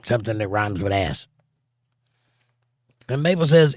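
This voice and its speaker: A man's voice: fairly low pitch, animated, measured pace, a little mellow, no echo, clean studio sound. A man hosting a casual live stream, reading viewer comments aloud and joking back at them. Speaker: livestream host.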